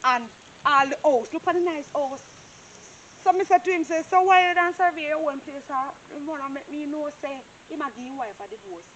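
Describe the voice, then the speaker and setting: A woman's voice: sits high, normal speed, lo-fi sound, slight background noise. A woman playing a nosy, gossipy Jamaican surveyor. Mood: gossiping. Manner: gossipy, animated Patois storytelling. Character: nosy, chatty young female property surveyor. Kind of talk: Jamaican stage-style movie acting.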